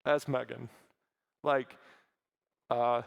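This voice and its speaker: A man's voice: medium pitch, moderate pace. A man speaking at a church as a guest from a mission, earnest, with many fillers and restarts. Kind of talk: sermon talk.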